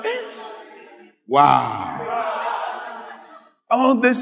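A man preaching an animated, lively sermon as a pastor, joking with his congregation. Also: on the high side, drawn-out words, gravelly, pauses often, crowd noise, background noise. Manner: animated, exclaiming, jokes with the congregation. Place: church hall. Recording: long hall reverb, faint music.

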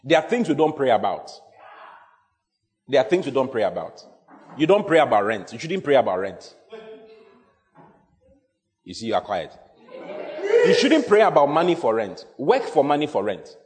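A pastor preaching a sermon, emphatic and repetitive, often quizzing the congregation. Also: male voice, mid-range voice, big pitch swings, normal speed, long pauses, a little mellow. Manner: emphatic, repeats key phrases, asks the congregation questions. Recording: long hall reverb.

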